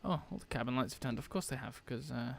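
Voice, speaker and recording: A man's voice: mid-range voice, fast, creaky, slight background noise. A man from Britain chatting on a live stream as he shuts down a sim aircraft, laughing often and answering his chat.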